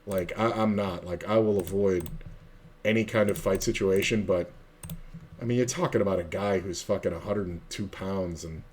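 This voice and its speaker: A man whose voice sits low and is a little mellow talks at a moderate pace, with a bit of hiss or hum in the audio. He's a South Florida poker streamer, chatting casually during play and rambling through a long, profane story full of fillers.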